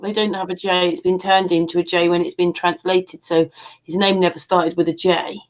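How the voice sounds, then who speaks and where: A woman's voice: on the low side, little pitch movement, moderate pace, poor audio. A woman taking part in a conversation, speaking hesitantly as she searches for words.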